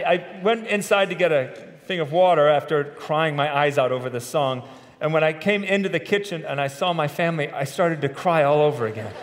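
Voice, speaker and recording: A middle-aged man, a pastor, preaching a sermon in a conversational way with self-deprecating humor, in a large church sanctuary. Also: a little high. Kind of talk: sermon with personal stories. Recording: long reverb of a church hall.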